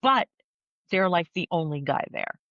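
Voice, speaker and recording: A woman's voice: fairly low pitch, lively intonation, a little slow, fairly bright tone, no echo. A middle-aged woman co-hosting a podcast, chatting in an opinionated, jokey way. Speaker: podcast co-host. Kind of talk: casual chat. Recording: dull lo-fi sound.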